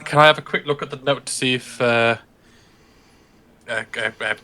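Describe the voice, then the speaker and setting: A man playing a tabletop horror game with friends. He talks in an easygoing, jokey way, and his voice has a sharp, bright edge. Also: mid-range voice, fairly even intonation, moderate pace. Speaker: player. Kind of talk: casual tabletop game play.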